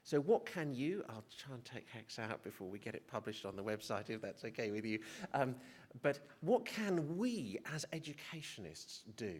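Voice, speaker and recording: Middle-aged male doctor at a conference podium, unscripted and mid-pitched, who often restarts and jokes at his own expense. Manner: hesitant, restarts, self-deprecating humour. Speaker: physician speaker. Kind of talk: conference presentation. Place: conference hall.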